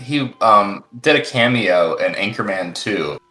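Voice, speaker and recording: A man's voice: on the low side, expressive, unhurried, sharp tone. A man co-hosting a casual stream, talking in rambling, jokey stretches full of restarts. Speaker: stream co-host. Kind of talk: casual chat. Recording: echoey room with faint music.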